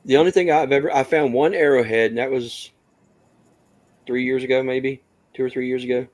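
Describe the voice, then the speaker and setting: A man from West Virginia hosts an open-mic podcast in a plain, mid-pitched voice. His talk is casual and easygoing, often circling back to restart a thought. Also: steady tone, fairly quick, a little mellow. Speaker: podcast host.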